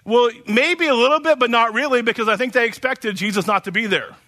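A man's voice: very high voice, brisk, bright, forceful tone. A man from Oklahoma preaching a casual sermon, rambling and chatty with many fillers and restarts.

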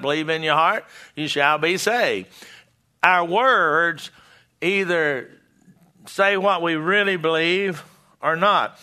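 A man teaching a Bible sermon, reading scripture aloud and explaining it, halting and restarting often. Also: a little high, pushed and bright. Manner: slow, halting, with many restarts and fillers. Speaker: preacher.

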